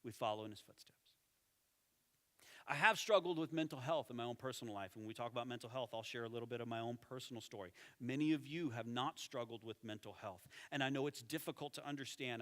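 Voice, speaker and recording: A man preaching a sermon as lead pastor, animated, with emphatic repetition and quieter, intense passages. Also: mid-range voice. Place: church sanctuary. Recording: church hall with long reverb.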